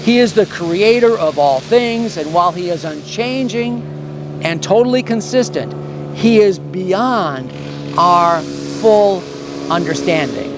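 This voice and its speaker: A man imitating his old seminary professor, speaking slowly and formally in a measured, solemn lecturing manner. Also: high-pitched, expressive, background noise. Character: slow, formal older male seminary professor.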